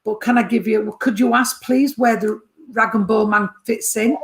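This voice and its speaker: With a slightly high voice, fairly steady intonation, and a normal speed, this woman works as a medium, chatting warmly through a reading. She addresses her sitter as sweetheart and darling and keeps checking that they follow.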